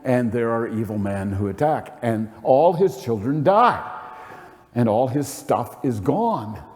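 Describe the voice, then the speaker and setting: Slow, mellow-voiced preacher in a reverberant hall. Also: male voice, medium pitch, big pitch swings. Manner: earnest, rhetorical questions, emphatic bursts. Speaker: pastor. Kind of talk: sermon. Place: church sanctuary.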